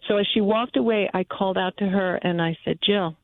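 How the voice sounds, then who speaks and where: A woman caller tells a heartfelt personal story, earnest and halting, often stopping to restart a thought. Her voice comes through a thin, tinny phone line. Her pitch is medium. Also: no echo.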